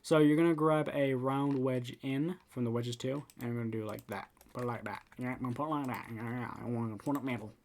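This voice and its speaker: A man at medium pitch talks viewers through a game building tutorial in a loose, casual way. He restarts his sentences often and repeats words as he goes. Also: fairly even intonation, fast, hardly any pauses, a little mellow.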